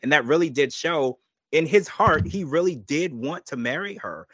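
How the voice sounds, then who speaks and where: Male podcast host, bright forceful tone, close dry sound, animated delivery. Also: a little high, normal speed, breathy edge, no room sound. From United States. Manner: animated, acts out quotes in changed voices. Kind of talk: casual recap chat.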